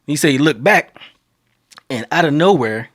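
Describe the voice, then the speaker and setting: A man in his thirties from Texas, hosting a podcast and telling a long story in a casual, animated way, his voice climbing as the tale gets exciting. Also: fairly high pitch, normal speed. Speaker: podcast host.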